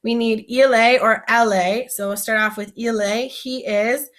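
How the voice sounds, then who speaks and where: A woman's voice: fairly high pitch, steady tone, moderate pace, fairly bright tone. A woman, a French teacher, giving a recorded vocabulary lesson and explaining each word patiently while asking her students questions.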